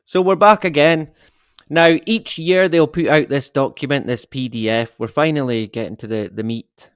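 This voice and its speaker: A man's voice: a little high, moderate pace, clean tone, no room sound. Man, middle-aged, rambling live-stream host, dry close sound. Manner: rambling, sweary, with chuckles. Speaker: livestream host. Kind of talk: casual live-stream chat.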